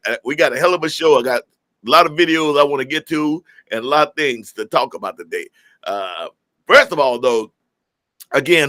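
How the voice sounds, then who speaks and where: A man's voice: mid-range voice, fairly bright tone, dry recording. A man from California hosting a live music stream, greeting viewers by name in a joking, folksy way. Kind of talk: casual live-stream chat reading viewer comments.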